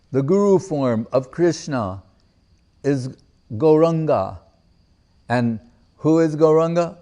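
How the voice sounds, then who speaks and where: Slow, deliberate male spiritual teacher. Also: on the high side, darkish tone. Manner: asks rhetorical questions and answers them; recites verses in Sanskrit and Bengali and explains them. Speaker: spiritual teacher giving a discourse. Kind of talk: devotional lecture to a live audience.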